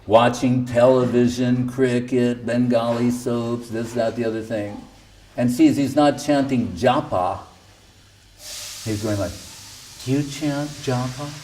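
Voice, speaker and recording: A man's voice: medium pitch, steady tone, measured pace, mellow, distant mic, slight background noise. Man telling stories in a spiritual talk. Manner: conversational, with frequent rhetorical questions; acts out quoted speech. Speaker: spiritual teacher. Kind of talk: storytelling lecture.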